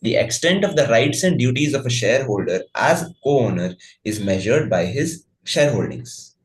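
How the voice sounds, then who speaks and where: A man reading legal definitions aloud in a steady, formal way. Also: medium pitch, normal speed, poor audio.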